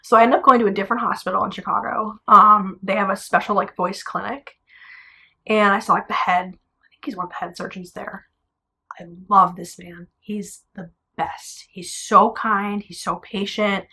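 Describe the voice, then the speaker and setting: Young female singer for a vlog, blunt and animated with a gravelly edge. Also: mid-range voice, moderate pace. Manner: animated, blunt, swears casually. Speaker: singer telling her story. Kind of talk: casual storytelling vlog. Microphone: camera.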